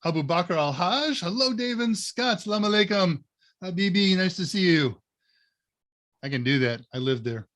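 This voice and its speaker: Hosting a live Q&A stream, a man from Northern Ohio, USA, speaks in a high, expressive voice at a moderate pace with a fairly bright tone. His storytelling is loose and anecdotal, wandering along with lots of "uh"s thrown in.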